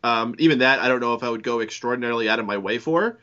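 A man's voice: medium pitch, racing, sharp tone. A man joking around in a casual chat with friends. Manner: playful, joking. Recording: dull lo-fi recording.

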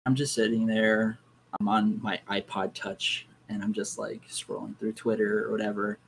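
Young man telling ghost stories, low voice. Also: normal speed, creaky, a little hiss or hum, low-quality recording. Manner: animated storyteller, acts out his own reactions. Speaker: guest. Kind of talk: casual ghost story telling.

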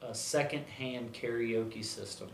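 A man's voice: medium pitch, unhurried, creaky, a little hiss or hum. Man, laid-back slangy banter, echoey room, distant mic. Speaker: podcast co-host. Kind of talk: casual chat.

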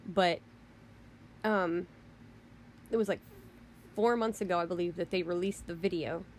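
A woman hosting a podcast goes on a heated, indignant casual rant, swearing mildly and restarting her sentences often. Her voice is on the low side and unhurried, with slight background noise.

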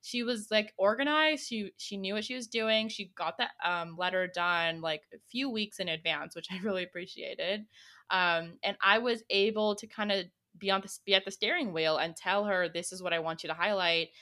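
A woman's voice: medium pitch, normal speed, sharp tone. A young woman co-hosting a casual advice chat, talking in a chatty way with many fillers. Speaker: co-host.

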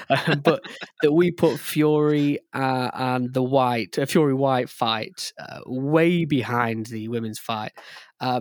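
A man's voice: mid-range voice, no echo, clean studio sound. Enthusiastic man chatting about sport. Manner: enthusiastic, rambling with many fillers and restarts. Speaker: podcast co-host. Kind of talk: casual sports chat.

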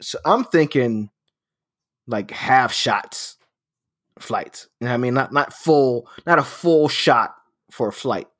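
Man in his thirties, casual chat, profane storyteller, laughs a lot, average pitch. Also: animated, slow pace, a bit bright. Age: 30s. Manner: profane, laughing anecdote telling.

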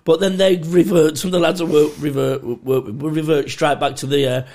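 A man with a gravelly, fairly high voice tells crude stories in casual podcast chat. He swears freely and often laughs through his own punchlines. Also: fairly even intonation, moderate pace, mellow. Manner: sweary storytelling, laughs a lot. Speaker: podcast co-host.

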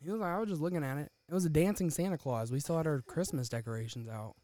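A man's voice: a little high, quick pace, warm tone, dry recording. A young man co-hosting a podcast, retelling events in a casual, profane way. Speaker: podcast co-host. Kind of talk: casual chat.

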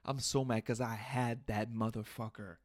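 A man's voice: mid-range voice, fairly even intonation, normal speed, a little hiss or hum. A young man hosting a podcast, ranting in a casual comedic monologue, swearing and laughing at himself, recorded on a studio mic. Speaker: podcast host. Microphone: studio mic through audio interface.

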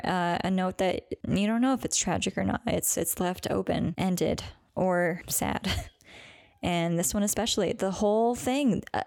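A young woman chatting casually as a podcast co-host, her voice gravelly with vocal fry. She jokes around and giggles, playing with words. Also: medium pitch, darkish tone. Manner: playful, giggly, jokey wordplay. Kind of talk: casual chat.

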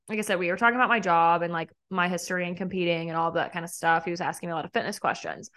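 A woman's voice: medium pitch, bright, forceful tone. Young woman, podcast host, casual storytelling, chatty, laughing, acts out quotes.

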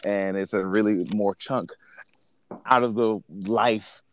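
Man, podcast co-host, low voice, earnest, rambling, faint noise. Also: fairly even intonation, takes it slowly. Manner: earnest, rambling, self-correcting. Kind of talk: casual chat.

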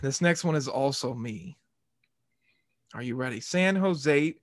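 A man's voice: mid-range voice, animated, measured pace, no echo, studio quality. A man hosting a casual sports podcast, rambling and joking, ranting and swearing as he goes. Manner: rambling and jokey, swears and rants. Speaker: podcast host.

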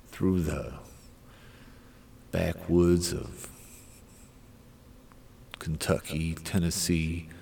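A man's voice: sits low, creaky, darkish tone, breathy edge. A middle-aged man hosting a podcast, rambling through casual solo commentary with irreverent, crude asides. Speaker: podcast host.

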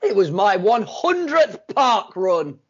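Husky, lively, bantering man. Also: sits high. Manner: joking, quick banter. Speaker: podcast co-host. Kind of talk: casual chat. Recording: dull lo-fi sound.

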